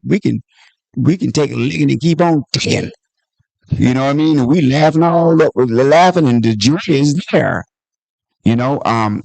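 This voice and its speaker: A man's voice: mid-range voice, gravelly, dry recording. A comedian from Washington, D.C. telling stories from his life in conversation, acting out the voices of people in them. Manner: animated storyteller, acts out voices in anecdotes. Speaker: comedian and author at book talk. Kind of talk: storytelling in conversation.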